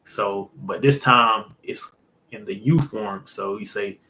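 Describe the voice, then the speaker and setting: A man walks through a lesson in an easygoing, rambling way, leaning on fillers and punctuating points with "boom". His voice sits on the low side, and he takes his time. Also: slow pace, pushed and bright, low-quality recording. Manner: loose, filler-heavy explaining, says "boom". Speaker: host. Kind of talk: casual language lesson.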